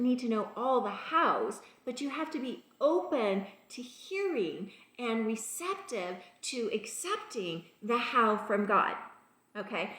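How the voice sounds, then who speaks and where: A woman's voice: on the high side, fairly bright tone, echoey room. A woman teaching a motivational faith talk, emphatic and repetitive, calling her listeners "you guys" and "people". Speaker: spiritual teacher.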